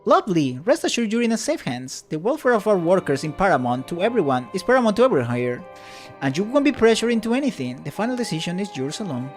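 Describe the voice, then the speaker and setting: A man's voice: high voice, very animated, fast talker, darkish tone, soft background music, pitched above the performer's own voice. A man voicing a rehearsed, bureaucratic female receptionist who trills in a sing-song way while he reads game dialogue aloud. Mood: chirpy.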